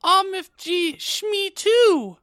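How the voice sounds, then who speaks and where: A woman's voice: extremely high pitch, animated, very slow, fairly bright tone, exaggerated voice. A woman reading a gushing teenage goth girl's lines in a comedic dramatic reading, breathless and mock-girlish. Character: gushing teen goth girl narrator Ebony.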